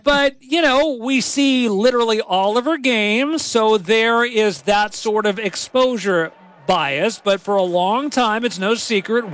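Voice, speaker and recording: A man's voice: high voice, a bit bright, a little hiss or hum. A man giving halftime radio commentary from a stadium booth, emphatic and openly opinionated. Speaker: radio broadcaster.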